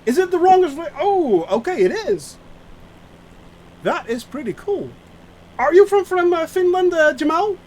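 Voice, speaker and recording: A man talks to his stream chat while flying a simulator. His voice sits high and swings widely, and his speech is halting and full of restarts. A soft background hiss runs under his desk mic. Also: sing-song, poor audio. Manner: rambling, self-mocking, answers chat aloud; halting, many fillers and restarts. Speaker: flight sim streamer.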